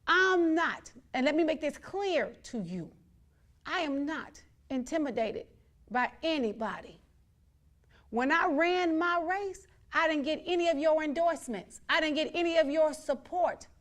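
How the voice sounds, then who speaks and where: A woman's voice: sits high, lively intonation, unhurried. A woman hosting her own show, speaking in a blunt, defiant monologue full of repeated, emphatic declarations. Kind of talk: outspoken monologue to viewers.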